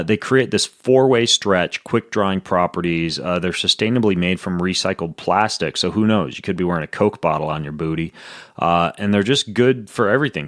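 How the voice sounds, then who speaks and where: Male podcast host, very low voice, dry close mic, playful and quick. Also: no echo. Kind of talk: casual podcast chat with ad reads.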